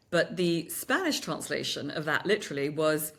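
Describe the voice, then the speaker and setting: Woman, podcast co-host, lowish pitch, chatty, playful. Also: gravelly. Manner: chatty, animated, with quick laughs and playful sarcasm. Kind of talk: conversational podcast discussion.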